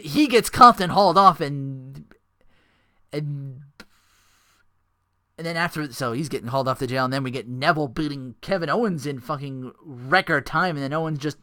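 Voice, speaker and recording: A man chatting loosely on his podcast, his voice a bit high and swinging widely up and down as he rambles. He swears freely and laughs easily, with a bright, edgy tone. The sound is close and dry from a home microphone. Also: no room sound. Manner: rambling and profane, quick to laugh. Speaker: podcast host. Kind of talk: casual wrestling recap podcast.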